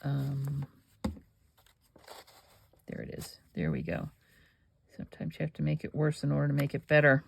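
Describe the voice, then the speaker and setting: Chatty woman with a gravelly fry. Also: low voice, very animated, fast talker, slight background noise. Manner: chatty, rambling asides while working. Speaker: crafting channel host. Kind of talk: casual crafting demonstration, thinking aloud.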